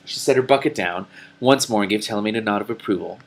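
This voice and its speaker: Man reading a novel aloud with animated asides. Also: lowish voice, fast talker, a little hiss or hum. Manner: animated asides, laughs at the text. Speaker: reader.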